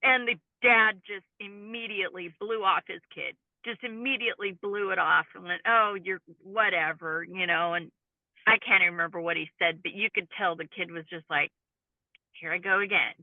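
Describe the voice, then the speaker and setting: A woman's voice: medium pitch, moderate pace, dry recording. A woman, a cryptid field researcher and interview guest, earnestly recounting a personal encounter in detail. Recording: tinny phone-like call line, dry.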